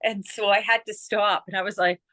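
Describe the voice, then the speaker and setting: A woman's voice: mid-range voice, steady tone, a little fast, sharp tone, dry recording. A Canadian woman from Canada, a guest in a casual chat, who is chatty, laughs often and mimics other people's voices.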